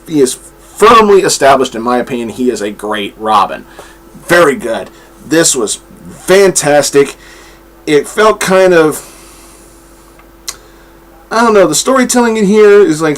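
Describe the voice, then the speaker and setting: A man giving a casual comic book review, enthusiastic and swearing freely, acting out the dialogue he quotes. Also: a little high.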